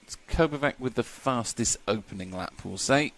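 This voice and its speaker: A man's voice: mid-range voice, moderate pace, a bit bright. Chatty joking male race commentator. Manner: chatty, joking, laughs often. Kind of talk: live motorsport commentary.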